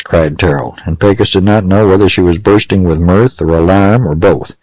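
Brief: deep male narrator, dry close studio sound, measured western storytelling. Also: steady tone, darkish tone, dry recording, poor audio. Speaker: audiobook narrator. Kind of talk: scripted audiobook narration.

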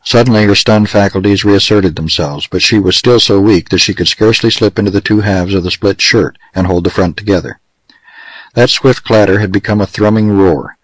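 A man narrating a western novel in a steady, measured way. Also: lowish voice, no room sound, poor audio. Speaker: audiobook narrator.

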